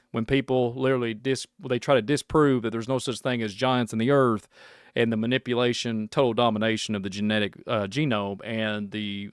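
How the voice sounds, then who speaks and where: With a clean, mid-range tone, this podcast host from Kentucky reacts to things on his own show, meandering in folksy fashion and breaking into frequent laughter. The sound is crisp studio quality without any echo.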